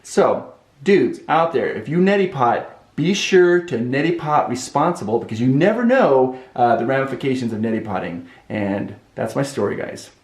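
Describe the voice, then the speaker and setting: An animated man telling a comedic story to camera, his voice swooping up and down as he goes. The room around him sounds roomy and echoey. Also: mid-range voice, normal speed. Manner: animated and expressive. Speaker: vlog host.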